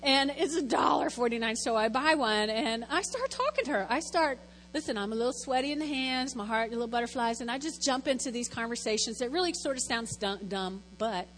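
Woman, high voice, lay church speaker, chatty and self-deprecating, long hall reverb. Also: animated, a little fast, few pauses, fairly bright tone, slight background noise. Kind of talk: informal church testimony talk.

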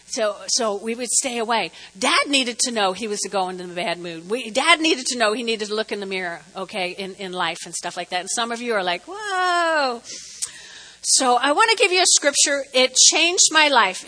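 Animated woman pastor preaching in a hall. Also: high voice. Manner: animated, conversational preaching with audience call-and-response. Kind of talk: sermon. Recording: reverberant hall.

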